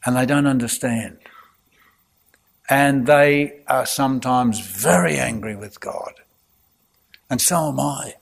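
Gently humorous clergyman. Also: medium pitch, slow, vocal fry, long pauses, husky. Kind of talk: reflective spoken talk.

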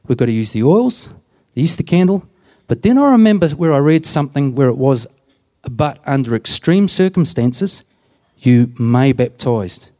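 In an interview, this man, a deacon and prison minister, shares stories earnestly and plainly, voicing the quoted lines himself. His pitch is medium but swings widely, his tone is dark, and his pace is moderate.

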